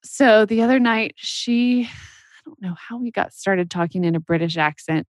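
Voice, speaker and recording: A woman's voice: mid-range voice, level tone, normal speed, no echo. A mother in her thirties co-hosting a podcast, chatting and laughing easily. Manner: warm-hearted, laughs easily, conversational. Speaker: podcast co-host. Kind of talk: casual podcast chat.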